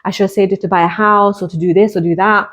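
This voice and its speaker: A woman's voice: medium pitch, steady tone, quick pace, a bit bright. A woman podcast host and hypnotist coach in a personal monologue. She speaks candidly and reflectively, building her points through repeated parallel phrases.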